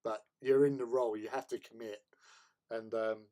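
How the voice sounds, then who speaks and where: A man's voice: mid-range voice, steady tone, moderate pace, dark tone. Chatty Englishman telling rambling stories. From England. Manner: rambling anecdotal storytelling, laughs often. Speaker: hobby stream host. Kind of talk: casual chat while painting miniatures.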